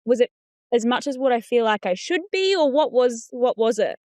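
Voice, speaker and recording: A woman's voice: a little high, animated, normal speed, darkish tone, dry recording. A woman hosting a sports interview show, supportive and asking long, winding questions. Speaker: podcast host, interviewer.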